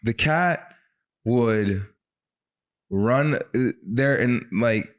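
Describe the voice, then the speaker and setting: A man hosting a podcast, tossing off quick jokes in casual chat. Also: medium pitch. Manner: joking, quick quips. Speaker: podcast host. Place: podcast studio.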